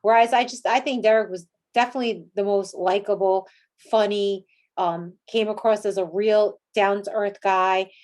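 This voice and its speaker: A woman's voice: mid-range voice, fairly even intonation, normal speed, a little mellow. A woman hosts a podcast in a casual, chatty way. She keeps dropping "like" into her sentences as she talks her thoughts through. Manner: chatty, many "like" fillers. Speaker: podcast host.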